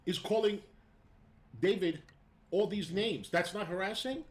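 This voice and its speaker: A man's voice: high-pitched, measured pace. A man in a played stream clip, complaining defensively that he is called a harasser. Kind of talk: casual stream talk.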